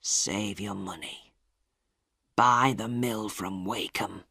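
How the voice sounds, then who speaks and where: A narrator voicing a hot-tempered older miller and father, in a lowered voice that sinks to a weak whisper as he dies, for an audio storybook. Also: steady tone, takes it slowly, creaky, bright, forceful tone, breathy edge, no echo, clean studio sound, exaggerated voice. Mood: dying.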